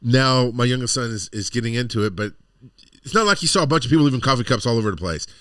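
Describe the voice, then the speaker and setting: A middle-aged podcast co-host chats casually, spinning rambling, exasperated stories with exasperated asides. His mid-range voice is animated, quick, pushed and bright, captured as clean studio sound with no room sound.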